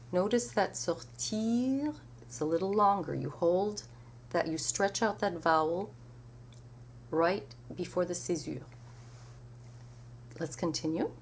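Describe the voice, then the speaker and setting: A woman teaching the recitation of French poetry, explaining each rule with slow, careful enunciation. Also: sits low, gravelly, a little hiss or hum. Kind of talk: spoken lesson with recitation.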